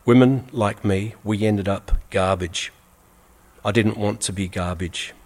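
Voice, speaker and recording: A man reading a first-person story aloud in an earnest, measured way, repeating phrases for weight. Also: lowish voice, a little mellow. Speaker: reader.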